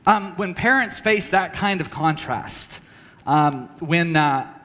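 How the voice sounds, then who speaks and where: A man from Texas tells his family's story to a church audience in a candid, self-deprecating way, full of fillers and restarts. His voice sits a little high. The sound carries the long reverb of a large hall. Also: lively intonation, takes it slowly, a bit bright. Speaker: speaker at a church parenting session. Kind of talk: personal talk to an audience.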